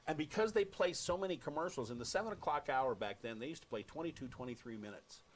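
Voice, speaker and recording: A man with an American accent, a radio host telling an animated story on air and acting out quoted lines. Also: a little high, quick pace.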